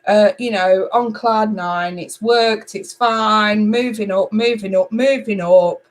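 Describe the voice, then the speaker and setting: A middle-aged woman from England reading tarot cards live, chatty and animated as she talks to viewers. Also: medium pitch, slow pace, poor audio. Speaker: tarot reader.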